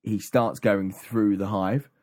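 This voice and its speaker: Podcast co-host, male, low-pitched, loose rambling recap delivery. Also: steady tone, takes it slowly, a little mellow. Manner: rambling, many ums and restarts. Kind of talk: casual chat recapping an audiobook.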